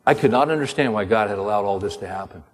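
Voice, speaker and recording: An older man preaching, telling a personal story in an animated way and acting out the dialogue. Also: on the low side, fast talker, big-room sound. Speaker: pastor and author. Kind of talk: sermon storytelling.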